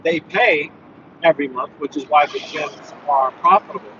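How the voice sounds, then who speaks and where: A man's voice: fairly high pitch, moderate pace, muffled recording, noisy background. A man who works as a personal trainer, chatting casually while he drives, earnest and rambling with lots of fillers. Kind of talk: casual driving vlog, talking while he drives. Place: inside a car.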